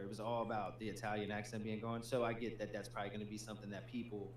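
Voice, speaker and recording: A man's voice: lowish voice, fairly even intonation, quick pace. A man co-hosting a gaming stream, chatting casually and peppering his talk with "dude" and "man". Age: adult with a young child. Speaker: gaming channel co-host. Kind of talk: casual livestream chat. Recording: echoey room with faint hum.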